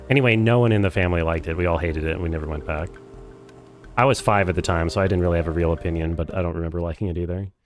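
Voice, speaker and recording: A man streaming a game, chatting casually and reading chat aloud in a rambling, deadpan, self-deprecating way. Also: deep voice. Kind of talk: casual live-stream chat while playing.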